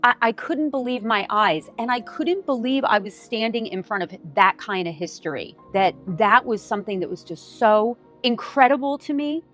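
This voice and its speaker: A middle-aged American woman vlogging, telling a personal story in a casual, animated way with lots of "like". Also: fairly high pitch, moderate pace, hardly any pauses, soft background music. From United States. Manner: animated, acts out her own quoted lines with lots of "like".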